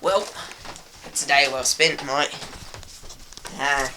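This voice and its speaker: A brash, hammy poacher with a put-on Australian accent bursts into loud outbursts, as a woman acts him out. The voice sits a little low. A noisy home recording for an amateur short film carries it. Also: takes it slowly, full character voice. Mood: scheming.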